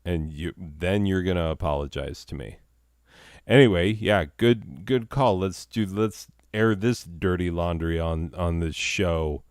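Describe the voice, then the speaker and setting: A man's voice: low-pitched, fairly even intonation, a little slow, darkish tone, no echo, clean studio sound. A man hosting a comedy show, rambling through improvised, self-mocking banter full of fillers.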